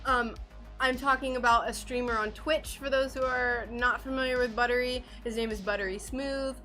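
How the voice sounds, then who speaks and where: A woman's voice: fairly high pitch, fairly even intonation, normal speed, bright, forceful tone, soft background music. A woman streaming her glass painting, chatting casually and greeting viewers by name in a bubbly, talkative way. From United States. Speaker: craft streamer.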